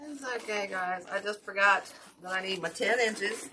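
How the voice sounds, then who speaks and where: A woman's voice: mid-range voice, moderate pace. A woman hosting a casual craft tutorial, tired and self-deprecating as she chats with viewers. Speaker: wreath-making channel host. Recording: steady background noise.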